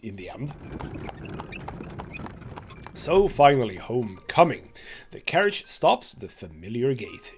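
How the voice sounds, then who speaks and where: Brief: let's play host, male, reads game text, chatty and animated, gravelly voice. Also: mid-range voice. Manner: chatty asides with laughs between read passages. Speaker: gaming channel host.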